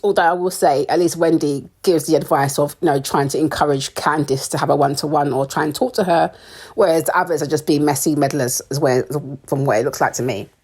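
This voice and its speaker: A woman's voice: deep voice, fairly quick, darkish tone, slightly rough. A young British woman giving casual, opinionated commentary on a reality show, with sarcasm and frequent laughs. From United Kingdom. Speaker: reality TV recap host.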